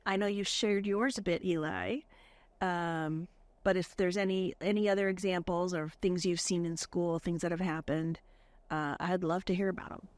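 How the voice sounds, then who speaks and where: A woman's voice: fairly low pitch, fairly even intonation, moderate pace, dry recording. A middle-aged woman from California hosting a podcast, talking in an earnest, chatty way with lots of fillers. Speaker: podcast host. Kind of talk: casual chat with guests.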